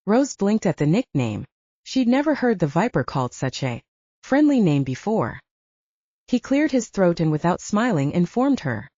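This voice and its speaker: A woman narrating a scripted audiobook with expressive storytelling, in a slightly muffled lo-fi recording. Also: on the low side, moderate pace, no room sound.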